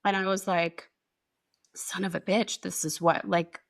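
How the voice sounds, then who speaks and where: A woman's voice: lowish voice, little pitch movement, measured pace, creaky. A woman co-hosting a podcast live stream, chatting animatedly, swearing freely and acting out quotes in her stories. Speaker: podcast co-host. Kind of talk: casual chat.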